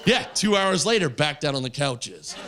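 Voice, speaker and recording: A young man doing stand-up storytelling on a comedy club stage, acting out the people in his story and yelling some punchlines. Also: fairly high pitch, moderate pace, a crowd in the background. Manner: animated, voices quoted friends, yells punchlines. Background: audience laughter.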